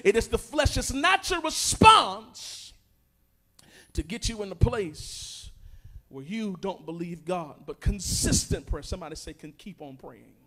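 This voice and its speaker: Male pastor, high voice, fiery call-and-response church sermon with sung shouts. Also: lively intonation, a little slow. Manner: preaching call-and-response, swelling to shouted, sing-song peaks; informal Black church preaching, direct and playful with the congregation. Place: church sanctuary.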